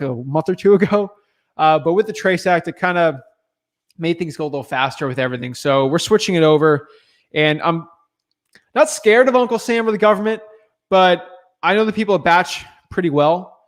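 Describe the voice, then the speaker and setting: Man for a casual stream q&a, fairly high voice, easygoing and chatty. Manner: relaxed, chatty, loose filler words and restarts. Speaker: real estate wholesaler answering viewer questions. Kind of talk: casual livestream chat.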